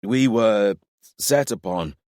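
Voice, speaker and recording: A man doing a gruff, wry old soldier. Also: on the low side, takes it slowly, darkish tone, dry recording, clean studio sound, pitched above the performer's own voice. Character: battered, wry veteran male soldier. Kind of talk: audiobook character voice.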